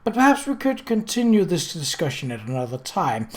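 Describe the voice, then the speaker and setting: A reader voicing a gracious, clever society hostess who speaks smoothly and with poise. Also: female voice, fairly low pitch, sing-song, a little fast, voice pushed up. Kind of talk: audiobook character voice.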